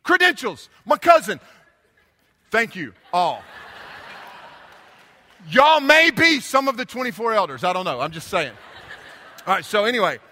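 Unhurried and sing-song, a pastor with a high, bright, forceful voice pauses often as he preaches, telling casual, humorous stories that digress. The sermon is picked up by a handheld or stand microphone in a reverberant church hall.

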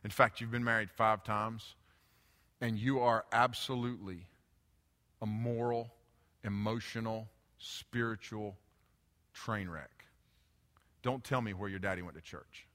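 A man voicing Jesus as a blunt, plain-spoken teacher who talks low and straight. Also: steady tone, a little slow, pauses often, fairly bright tone. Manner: blunt, confrontational, lowered voice. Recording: reverberant church hall.

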